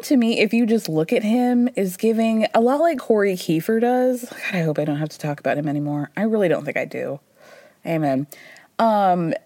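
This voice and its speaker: Sassy, chatty young woman with a lively voice. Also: medium pitch, no echo. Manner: chatty, sassy, profane, lots of "like". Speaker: podcast host. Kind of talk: casual pop culture recap.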